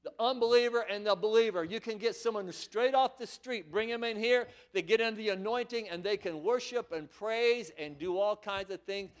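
A man's voice: sits high, normal speed, hardly any pauses, clear, resonant tone. A male preacher delivering a sermon, emphatic and repetitive, often calling his listeners friends.

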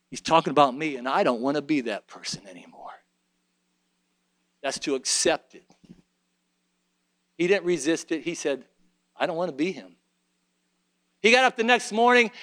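A man preaching a sermon in a church, climbing to fervent shouting and then dropping to quiet, conversational storytelling. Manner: rises to shouted fervor, then drops low and conversational. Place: church sanctuary.

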